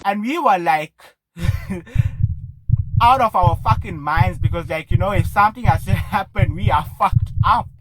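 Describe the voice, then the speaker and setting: A young man with a South African accent, telling a story to his vlog in an animated, breathless way, full of swearing and fillers. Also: sits high, a little slow, no echo, soft background music. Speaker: vlogger. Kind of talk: casual storytelling.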